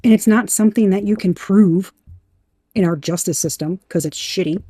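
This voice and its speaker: A woman giving a tarot reading in an emphatic, animated way, talking straight to the viewer and swearing now and then. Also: medium pitch, moderate pace, breathy edge, no echo. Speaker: tarot reader.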